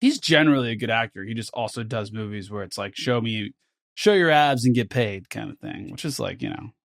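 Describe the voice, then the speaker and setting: A man co-hosting a podcast, chatting casually and lively about a film, swearing, saying "bro", and mimicking characters in mock-posh voices. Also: mid-range voice, a little fast, no room sound, clean studio sound. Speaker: podcast co-host. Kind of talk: casual film review chat.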